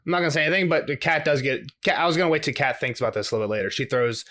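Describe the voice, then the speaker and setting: A man co-hosting a podcast, recapping a book chapter in loose casual chat, full of "like" and quick laughs. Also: a little high, expressive, a bit bright. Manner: rambling, heavy use of "like", laughs often. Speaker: podcast co-host.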